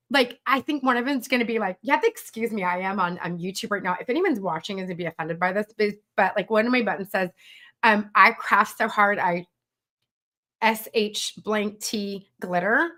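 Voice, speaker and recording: A middle-aged woman talks to her viewers in a loose, chatty live-stream style, full of "um"s and little acted-out quotes. Her voice is bright and forward, and she moves from coaching advice to friendly asides. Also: mid-range voice. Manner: chatty and animated, acts out quoted voices, many fillers. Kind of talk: casual live-stream chat.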